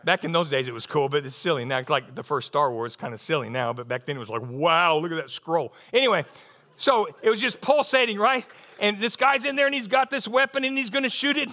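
A middle-aged man, preaching a sermon in a folksy, animated storytelling way that climbs into excited bursts. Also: high-pitched, fast.

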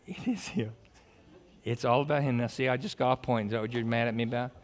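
A man preaching a lively sermon, joking, stammering and restarting his sentences. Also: mid-range voice, fast. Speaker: pastor.

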